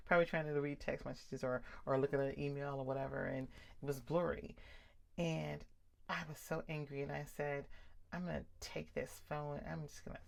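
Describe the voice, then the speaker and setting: A woman's voice: deep voice, creaky. A middle-aged woman talking candidly and encouragingly to her viewers about living with vision loss. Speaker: vlog host sharing vision loss experience. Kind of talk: personal talk to camera.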